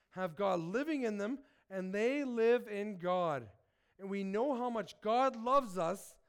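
A man who is sick, reading scripture and preaching, earnest and asking his listeners direct questions. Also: high-pitched. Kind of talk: sermon with Bible reading.

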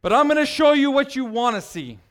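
A man preaching a sermon as pastor, animated and teasing, chatting with his congregation. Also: very high voice, fairly quick.

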